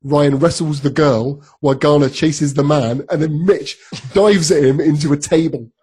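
A man's voice: on the high side, fairly even intonation, moderate pace, a little mellow, husky. A man co-hosting a podcast, chatting casually about a TV episode, with many ums and frequent laughs. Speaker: podcast co-host. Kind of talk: casual chat recapping a TV episode.

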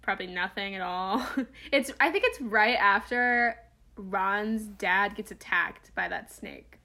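A woman's voice: mid-range voice, slow, pushed and bright. A young woman chatting casually on a podcast, laughing often and slipping into quoted film lines. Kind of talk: casual chat.

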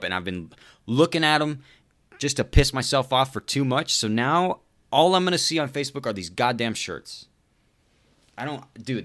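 A man's voice: medium pitch, a bit bright. A man hosting a podcast, ranting sarcastically and with exasperation, swearing constantly and calling people "dude". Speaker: podcast host. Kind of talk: profane comedic rant.

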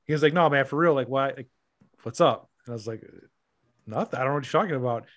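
A man telling a funny story in a casual, profane podcast chat, animated and laughing often. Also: medium pitch, fast talker.

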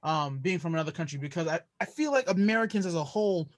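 A man with a fairly high voice for a male speaker chats casually. He is quick to agree and explains things in long, rambling turns. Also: lively intonation. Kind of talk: casual conversation.

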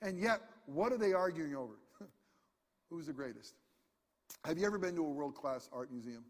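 A high-pitched man delivers an animated sermon, chatty and quick to poke fun at himself. His voice carries the long reverb of a church sanctuary. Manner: animated, conversational, self-deprecating humor. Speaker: pastor. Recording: hall reverb.

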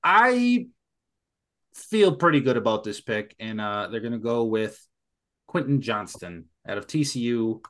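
A young man co-hosting a casual sports podcast, making joking, quick asides. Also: medium pitch, big pitch swings, fairly bright tone. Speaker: podcast co-host.

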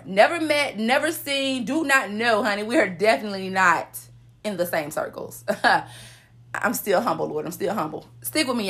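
Sassy bright-voiced podcast woman. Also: medium pitch. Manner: sassy, preachy, calls out to listeners with "honey" and "come on, somebody". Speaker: podcast host. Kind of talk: motivational podcast monologue.

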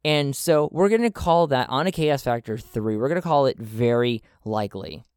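A man's voice: mid-range voice, expressive, moderate pace, a little mellow, clear, resonant tone, dry recording, studio quality. A man narrating a solo tabletop role-playing game, thinking aloud as he checks his rolls and charts. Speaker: solo game master and player.

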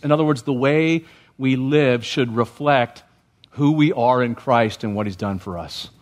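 A male pastor delivers a sermon in a church sanctuary. His voice sits a little high for a man, and his delivery is loose and conversational. He keeps asking the congregation questions as he preaches.

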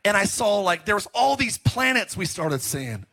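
High-voiced animated male pastor. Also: normal speed. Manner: animated, joking storytelling with laughs. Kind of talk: sermon.

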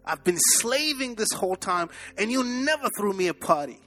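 A man's voice: high voice, big pitch swings, normal speed, pushed and bright, faint music behind, full character voice. A man preaching, acting out a resentful, overworked older son who complains indignantly.

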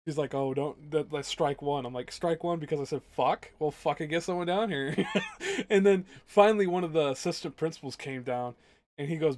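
Animated young man ranting, close and dry. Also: on the high side, a little fast, no room sound. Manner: animated storyteller, heavy swearing, acts out both sides of arguments. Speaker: podcast co-host. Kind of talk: casual ranting chat.

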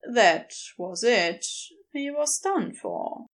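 A woman narrating fan fiction aloud with expressive storytelling. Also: a little high, very slow.

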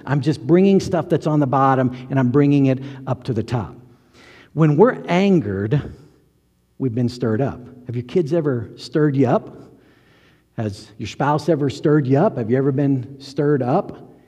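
A man's voice: mid-range voice, animated, unhurried, dark tone, husky, long reverb tail. A male pastor preaching a sermon in a conversational way, asking the listeners questions and acting out little quotes.

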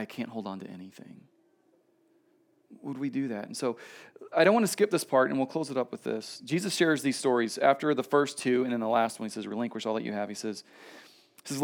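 A man in his thirties preaching a casual, storytelling sermon at a church service, swinging between emphatic lines and quiet asides. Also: mid-range voice. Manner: conversational storytelling, shifts between loud emphasis and soft asides. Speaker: pastor.

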